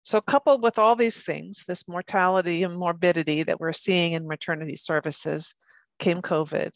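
A middle-aged woman gives a lecture in a somewhat low voice, often stopping to restart her sentences and repeating words as she goes. Her voice is recorded dry and close, with no room sound around it. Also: steady tone, normal speed, no room sound. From United States. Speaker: presenter on birth trauma.

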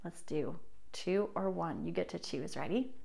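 A young woman teaching a children's music class, talking in a sing-song, animated way with gasps and playful prompts, and singing short rhymes. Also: lowish voice, a little slow, gravelly. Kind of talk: kids' music lesson with songs.

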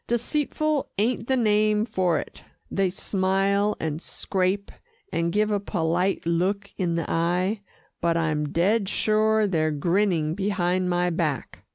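A woman reading the lines of a gruff old male street dog from the Bowery, blunt, slangy and suspicious. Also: fairly low pitch, takes it slowly, darkish tone, dry recording. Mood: scornful.

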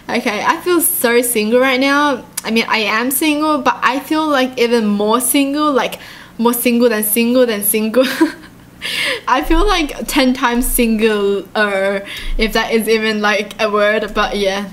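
A woman's voice: fairly high pitch, animated, a little slow, fairly bright tone. A woman YouTuber reacting in casual chat to a story told in texts, giggly and chatty. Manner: giggly and chatty, often laughing at herself.

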